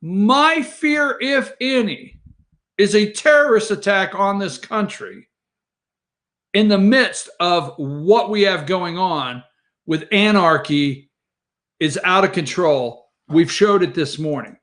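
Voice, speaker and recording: A man hosts a morning show and delivers heated political opinions in a rambling way, talking straight to his viewers. His voice sits high and jumps all over the place. It has a restless, worked-up energy. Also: animated, slow pace, fairly bright tone.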